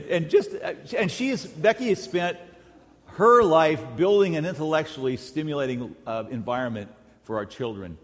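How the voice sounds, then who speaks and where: A middle-aged man preaching a sermon as a pastor, emphatic, rising to loud peaks and dropping to quiet asides. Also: mid-range voice. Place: large church sanctuary. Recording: long hall reverb in a large church.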